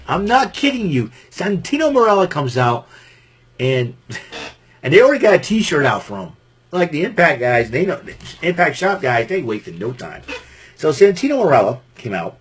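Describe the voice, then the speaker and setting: His voice is a little high with a breathy edge as this Massachusetts man hosts his show. Recapping a wrestling event, he rambles casually, restarts his sentences, and keeps breaking into laughter.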